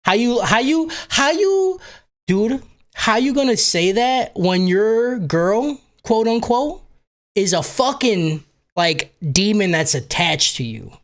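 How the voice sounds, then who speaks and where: A man recapping a movie for his co-hosts with crude humor. His pitch swings widely as he slips into goofy character bits. It sounds like casual, profane podcast banter. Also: sing-song, slow. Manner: profane, jokey, acts out characters in silly voices. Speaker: podcast host recapping a film. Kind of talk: casual comedic chat.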